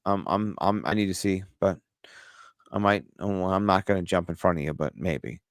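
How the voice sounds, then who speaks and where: A man's voice: low voice, moderate pace, no echo, studio quality. A man co-hosting a podcast in casual chat, rambling with lots of fillers and easily amused. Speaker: podcast co-host.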